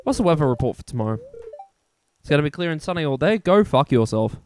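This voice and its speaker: A man's voice: a little high, big pitch swings, fast talker, a little mellow, a little hiss or hum. A young Australian man giving rambling, profane, self-mocking commentary over his own gameplay. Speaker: gaming YouTuber.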